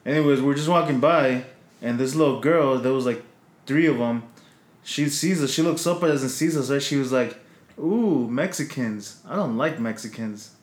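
A man's voice: mid-range voice, a little fast. Man co-host, laid-back storyteller, swears freely, echoey room. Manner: relaxed, profane, laughs while telling stories. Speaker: podcast co-host. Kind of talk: casual podcast chat, storytelling. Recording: roomy echo.

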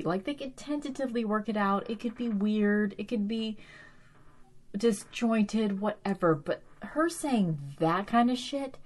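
A woman chatting casually as she recaps a TV episode, animated, with lots of "like" and some swearing. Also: mid-range voice.

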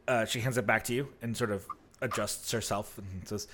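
A man's voice: on the low side, a little fast, a bit bright. Rambling male game master. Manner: casual, rambling, full of fillers. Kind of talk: narrating a tabletop game.

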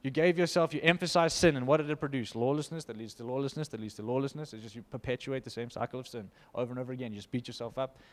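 A man preaching an informal sermon, reading scripture aloud and commenting with animated emphasis. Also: medium pitch, racing, few pauses, big-room sound. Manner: animated, emphatic, laughs between points.

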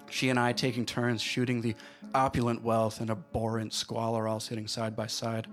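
A man narrating a personal story at a live storytelling show, in a wry, self-deprecating way. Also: medium pitch.

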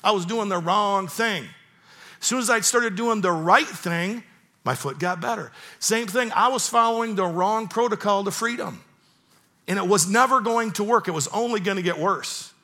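A man's voice: high-pitched, normal speed, pushed and bright. A man in his fifties preaching a sermon, telling a personal story with earnest emphasis and repeating key phrases. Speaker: pastor.

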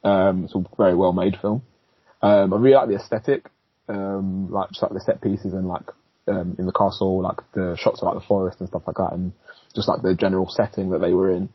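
A man's voice: deep voice, level tone, fairly quick, slightly rough, no room sound. A man co-hosting a casual film podcast, talking loosely with many fillers and short agreements. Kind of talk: casual film review chat. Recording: dull lo-fi sound, dry.

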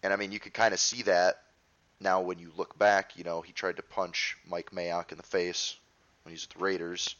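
A man's voice: low voice, flat delivery, moderate pace, a bit bright, dull audio. A man hosting a podcast in casual chat, wry and joking, with some swearing. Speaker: podcast host.

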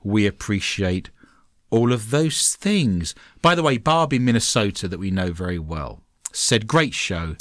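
A man's voice: fairly low pitch, unhurried, dry recording. English guy hosting a podcast, voice jumps all over, dry close sound. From England. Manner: lively, joking, animated. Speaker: podcast host. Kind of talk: casual podcast chat.

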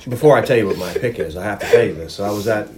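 A man's voice: on the low side, very fast. A man co-hosting a movie podcast, telling stories in casual, rambling chat. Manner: rambling storyteller, animated. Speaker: podcast co-host.

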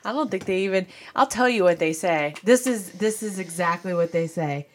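A woman's voice: on the low side, normal speed. A woman in casual sports chat as a co-host, teasing and laughing often.

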